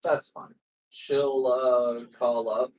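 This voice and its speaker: Give me a man speaking slowly and hesitantly as a tabletop game player. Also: medium pitch, level tone, darkish tone, low-quality recording. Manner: slow, hesitant, many "uh"s. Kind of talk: tabletop game play, casual.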